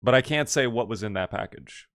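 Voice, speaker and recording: A man's voice: medium pitch, expressive, fairly quick, a bit bright. Chatty man streaming a game. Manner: rambling, chatty, lots of "like" fillers. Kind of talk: casual live-stream chat.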